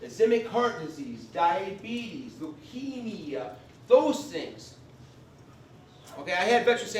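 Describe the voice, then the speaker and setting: A man's voice: high-pitched, very animated, takes it slowly, recorded from a distance, slight background noise. A man presenting a live class on veterans benefits, folksy and emphatic, often checking in with "okay?". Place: convention meeting room. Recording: echoey room recorded from afar.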